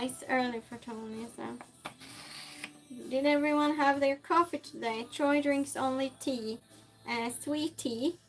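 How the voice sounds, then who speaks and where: A woman streamer chatting casually while she cooks, reading viewer comments aloud and answering them with frequent laughs. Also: high voice. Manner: laughs often, teases the chat. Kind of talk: casual chat while cooking.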